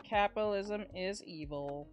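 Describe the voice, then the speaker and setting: A man's voice: high voice, measured pace, faint music behind. A man streaming as a VTuber, chatting casually with a sarcastic, self-mocking humor and frequent laughs. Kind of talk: casual live-stream chat while drawing.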